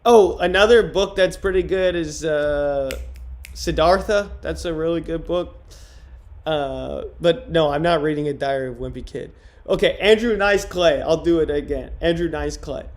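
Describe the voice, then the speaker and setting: A man streaming in casual livestream chat, trying out deadpan stand-up jokes on his viewers. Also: on the high side, normal speed.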